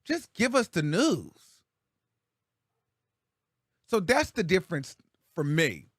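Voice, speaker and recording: A man's voice: fairly high pitch, very animated, takes it slowly, long pauses, fairly bright tone, dry recording, clean studio sound. A man hosting a commentary show, talking casually in a chatty, slangy way.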